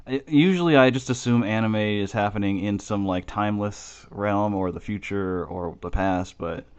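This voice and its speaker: A man's voice: lowish voice, moderate pace, clean tone. A man co-hosting a casual podcast, rambling and swearing as he talks, with lots of fillers and restarts. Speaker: podcast co-host. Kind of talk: casual chat. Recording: dull lo-fi podcast audio.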